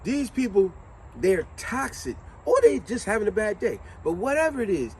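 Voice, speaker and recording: A man hosting a casual motivational talk, telling stories with animated flair and acting out quotes. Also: sits high, normal speed, slight background noise. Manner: animated storytelling, acts out quotes. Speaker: vlogger host.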